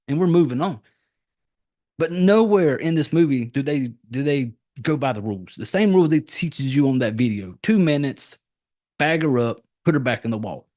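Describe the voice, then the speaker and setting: Rambling, profane man on a podcast. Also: normal speed. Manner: rambling, profane, animated retelling with sudden high-pitched jumps. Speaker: podcast host reviewing a horror film. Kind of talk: casual podcast chat.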